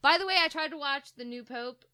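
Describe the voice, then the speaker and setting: A woman's voice: high-pitched, fairly quick, sharp tone, no room sound, clean studio sound. A woman co-hosting a casual podcast, rambling through strange stories and trivia, giggling and swearing freely. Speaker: podcast co-host.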